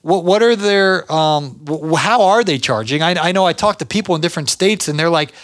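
A man's voice: on the high side, fairly quick, fairly bright tone, dry recording, clean studio sound. A middle-aged man, hosting a podcast and giving casual business advice in a rambling, chatty way with many restarts. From Georgia, US. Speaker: podcast host.

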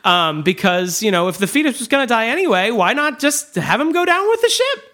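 A podcast co-host in casual film discussion, chatty, with quick asides and corrections. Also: mid-range voice, big pitch swings, pushed and bright.

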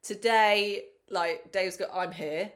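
A woman, co-hosting a casual podcast chat, animated and swearing freely. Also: mid-range voice, takes it slowly. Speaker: podcast co-host.

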